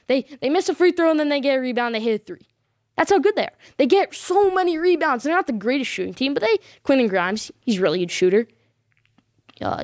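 A woman's voice: on the high side, darkish tone, no room sound, clean studio sound. A woman hosting a sports vlog, giving her predictions in an emphatic, insistent way and backing them up with short repeated affirmations.

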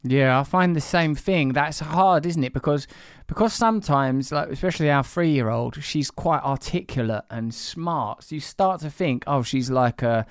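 A man in his forties hosts a casual podcast chat. His voice is smooth and resonant, recorded dry and close. He rambles and pokes fun at himself, with the odd casual swear. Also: fairly high pitch, moderate pace, no echo. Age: 40s. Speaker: podcast host.

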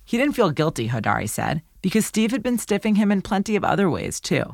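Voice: medium pitch, very animated, a little fast, vocal fry, no echo. A host delivering scripted documentary narration in a conversational, wry way.

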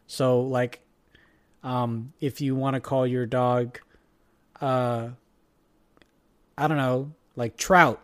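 A young man chatting casually and jokily as a podcast co-host, rambling and animated. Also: medium pitch, slow, long pauses. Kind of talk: casual chat.

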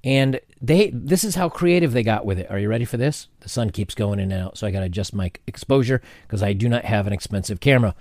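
A man hosting a casual opinion commentary video to camera, animated and sarcastic, with frequent restarts. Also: on the low side, quick pace, hardly any pauses, no room sound, studio quality. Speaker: commentary channel host. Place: home setting with changing sunlight.

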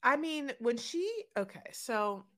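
Bright-voiced sarcastic woman podcaster. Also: fairly high pitch, animated, measured pace. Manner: rambling, sarcastic, full of fillers. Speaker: podcast co-host. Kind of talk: casual chat recapping a reality show.

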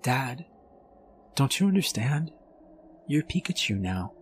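A man doing a gentle little girl. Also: mid-range voice, sing-song, slow, a little hiss or hum, voice pushed up. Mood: earnest. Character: young girl, gentle and encouraging daughter.

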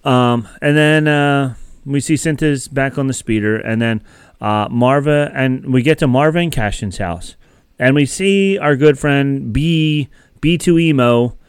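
A man chats through an episode recap in a casual, rambling way, full of fillers and restarts. His voice is smooth and clear, recorded dry and close. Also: mid-range voice, unhurried, no room sound. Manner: rambling, filler-heavy storytelling. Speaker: podcast co-host.

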